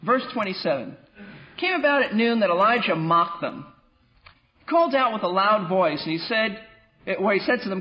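Animated high-voiced man teaching scripture. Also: moderate pace, highs cut off. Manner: animated and wry, with playful asides. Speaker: pastor teaching a Bible class. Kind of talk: lively Bible teaching.

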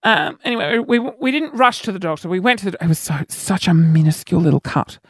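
A man hosting a podcast, telling self-mocking stories in an animated way. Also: brisk, slightly rough. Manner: animated, self-mocking, jumps into shrill yelps when acting out panic. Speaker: podcast host. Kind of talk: casual storytelling monologue.

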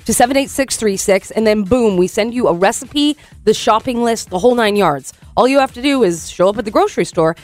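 A woman co-hosting a morning radio show, telling a story in an animated, chatty way and acting out the voices. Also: a little high, brisk, hardly any pauses, faint music behind. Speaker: radio co-host.

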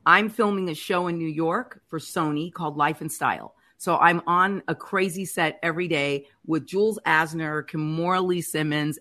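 Low-voiced woman sharing a candid testimony. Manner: candid, animated retelling with acted-out quotes. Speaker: podcast guest telling her testimony. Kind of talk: personal testimony, casual storytelling.

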